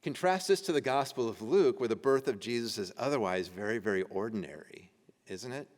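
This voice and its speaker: A man with a medium-pitched voice and lively intonation teaches a church adult education class at a brisk pace. He reads ancient texts aloud and discusses them casually, laughing along conversationally, with church hall reverb in the recording of the meeting room.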